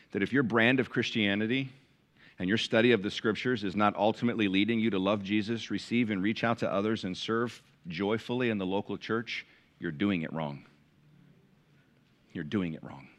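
Preacher swinging from loud to hushed. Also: male voice, on the low side. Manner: preaching with big swings from loud emphatic peaks to hushed tones. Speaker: pastor. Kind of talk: sermon. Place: large church with balcony, live congregation.

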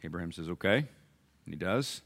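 A male pastor delivers a sermon in a bright, forceful voice. He tells scripture stories dramatically, acts out the characters and keeps asking his congregation questions. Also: low voice, lively intonation, brisk.

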